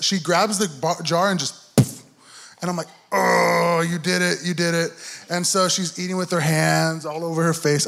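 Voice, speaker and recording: Young male preacher, sermon testimony, earnest storyteller, voice on the higher side. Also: fairly bright tone. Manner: earnest storytelling, acts out inner dialogue. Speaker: church speaker giving a testimony.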